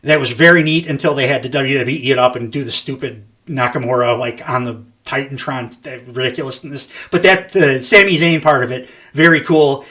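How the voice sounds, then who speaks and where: A man's voice: mid-range voice, brisk, hardly any pauses, sharp tone. A man hosting a casual wrestling podcast, rambling with lots of fillers, laughing often and swearing casually. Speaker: podcast host.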